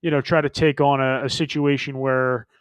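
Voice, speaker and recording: A man co-hosting a podcast in casual sports talk, halting with stammers and many fillers. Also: medium pitch, level tone, clear, resonant tone, no room sound, muffled recording. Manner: halting, stammers and restarts, heavy "you know". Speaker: podcast co-host.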